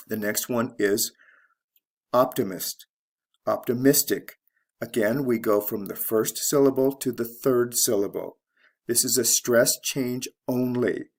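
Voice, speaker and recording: Guy teaching english stress patterns, slow and careful, kinda gravelly. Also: medium pitch. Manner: slow, deliberate, spells out letters. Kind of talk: slow instructional explanation.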